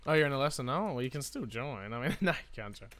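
A man live-streaming a game, chatty and excitable, talking to his viewers while he plays. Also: mid-range voice, fast talker.

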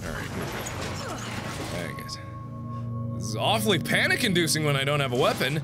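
A young man in his twenties doing jokey horror game commentary, swinging from quiet mutters to excited shouts. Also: on the high side, moderate pace, soft background music. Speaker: gaming YouTuber.

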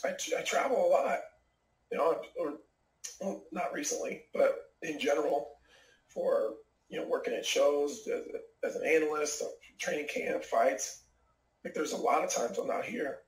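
Gravelly man telling a story, echoey room. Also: on the high side. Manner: rambling, many fillers like "like" and "you know". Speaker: professional fighter and fight analyst. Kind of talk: casual interview storytelling.

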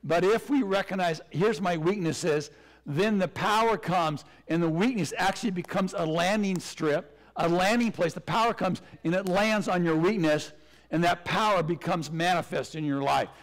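A male pastor preaching a sermon with a hoarse, cracking voice, speaking earnestly with repetition. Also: high voice, moderate pace. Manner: earnest, repetitive preaching with self-deprecating laughs.

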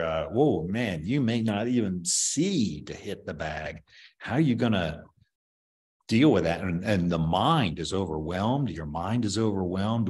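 A man's voice: deep voice, darkish tone. A man in his seventies, a martial arts master, giving opinionated, rambling answers in an interview with many fillers.

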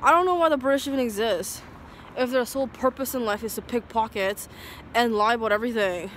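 A woman's voice: a little high, fairly quick, a bit bright, slight background noise. A woman in a casual, rambling monologue, heated and profane.

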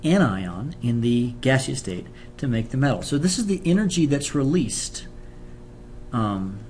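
A man's voice: medium pitch, big pitch swings, measured pace, a little mellow, a little hiss or hum. A man teaching a chemistry lesson on video in a casual, joking way, explaining with fillers and restarts. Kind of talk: classroom lecture video with banter.

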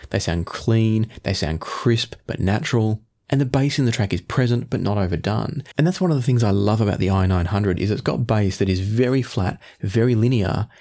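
Man, audio gear reviewer, measured, careful qualifying talk, slightly low pitch. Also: warm tone. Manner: measured, qualifies claims with kind of and perhaps.

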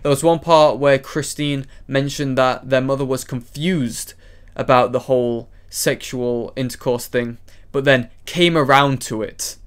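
Male vlogger, mid-range pitch, angry direct-address monologue full of profanity and repeated insults. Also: steady tone, a little slow, clean tone. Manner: furious, profane, repetitive insults with brief apologetic asides. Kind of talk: angry ranting monologue addressed to one person.

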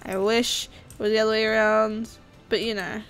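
A young woman casually commenting on her gameplay, excitable and chatty, often squealing with surprise. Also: a little high, moderate pace. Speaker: gaming YouTuber. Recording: faint game music behind.

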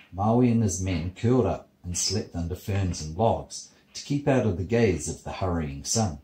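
A man, a father reading a bedtime story steadily and gently in his child's bedroom. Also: deep voice, reverberant, rough recording.

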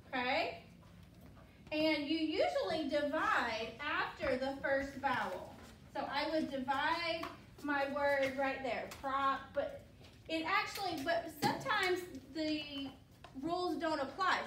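In a classroom, a woman patiently and encouragingly teaches young children a phonics lesson, posing questions and waiting for their answers. Her voice sits high and a bit bright, picked up from far off in an echoey room with a little hiss or hum.

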